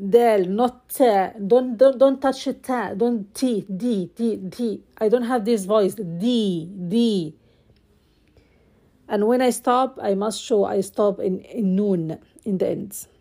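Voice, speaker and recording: Slow, mellow-voiced woman teaching recitation. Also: a little high. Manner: slow, drawn-out, corrective, repeats sounds.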